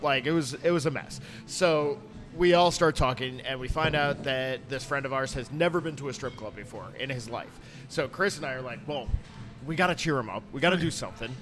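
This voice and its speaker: A man's voice: mid-range voice, fairly bright tone. A man telling a long funny anecdote in a casual podcast chat, full of fillers and restarts. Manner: rambling anecdote with fillers and acted quotes. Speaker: podcast co-host.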